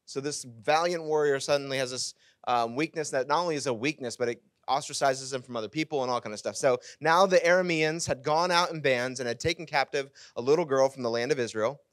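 A male pastor preaching a sermon, retelling a scripture story with animated, casual asides. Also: medium pitch, a little fast, hardly any pauses, no echo, clean studio sound.

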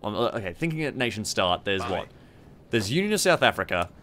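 A man's voice: lowish voice, sing-song, brisk, fairly bright tone, slight background noise. A young man hosting a strategy game playthrough, rambling and swearing with mocking asides. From Australia. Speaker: gaming channel host. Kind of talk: casual strategy game commentary.

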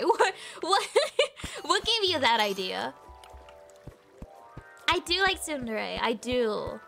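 A woman streaming a video game, chatting casually, excitable and giggly with rambling fillers. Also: high-pitched, creaky. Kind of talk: casual gaming livestream chat.

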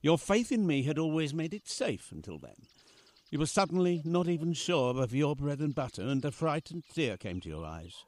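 A man's voice: on the high side, very animated, moderate pace, a little mellow, no echo. A man in a radio play voicing a poor, doting father who tells fond stories with dry humor. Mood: tender. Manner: wry, fond storytelling. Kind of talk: amateur radio play acting.

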